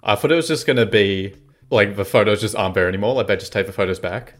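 A man co-hosting a casual chat, recapping scenes in a relaxed, slangy way. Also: on the low side, fast. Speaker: podcast co-host.

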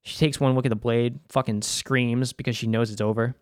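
A young man with a Boston accent talks through a TV episode in an easygoing, rambling way, swearing freely and filling gaps with "like" and "uh." His voice sits at a middle pitch, and the recording is close and dry, with no room sound. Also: level tone, brisk, no echo. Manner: loose and conversational, swears freely, many fillers. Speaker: host. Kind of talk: casual episode recap.

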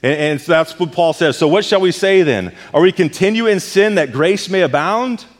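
A man's voice: high voice, expressive, moderate pace. A male pastor preaching a sermon, emphatic and repeating words as he presses a point. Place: church sanctuary. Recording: long church hall reverb.

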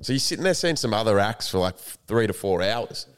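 A man's voice: lowish voice, expressive, a little fast, clear, resonant tone. A young man co-hosting a comedy podcast, chatting casually, swearing often and laughing a lot. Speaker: podcast co-host. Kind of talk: casual chat.

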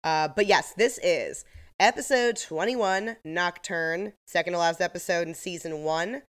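Podcast co-host, woman, 30s, low-pitched, rambling casual chat. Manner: chatty, rambling, quick to laugh.

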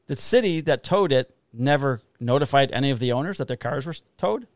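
A man, a police officer co-hosting a podcast, telling a story in a casual, animated way with a lot of swearing. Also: medium pitch, brisk, no room sound, studio quality. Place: Illinois.

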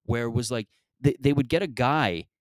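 A man's voice: medium pitch, moderate pace, dry recording. A man hosting a comedy podcast, rambling through a profane, self-deprecating monologue. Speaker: comedian host.

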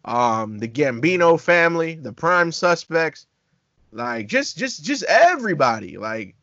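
Podcast co-host, man, slightly high pitch, enthusiastic talker, dry dull sound. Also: very animated, unhurried, a bit bright, dry recording. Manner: enthusiastic, lists at length. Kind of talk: casual chat.

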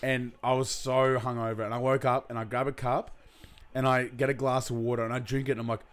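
A man's voice: medium pitch, little pitch movement, brisk. A young Australian man co-hosting a podcast, telling stories in casual chat, laughing and swearing freely. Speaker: podcast co-host.

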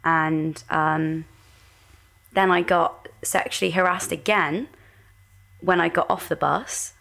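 A woman co-hosting a podcast, chatting earnestly and casually with many pauses. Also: on the low side, fairly even intonation, vocal fry, a bit bright. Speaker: podcast co-host. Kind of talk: casual chat.

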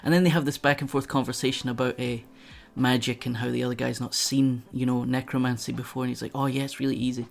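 A Scottish man talks casually as a podcast guest, drifting from one tangent to the next. His voice sits at an ordinary pitch with a rough, gravelly edge. Faint music plays underneath. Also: little pitch movement, fast talker, few pauses. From Scotland. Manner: rambling, goes off on tangents. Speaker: guest streamer.

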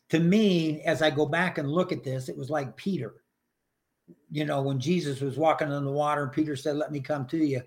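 An older man sharing his personal faith story in a podcast interview, earnest and emotional, acting out his prayers. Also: fairly high pitch.

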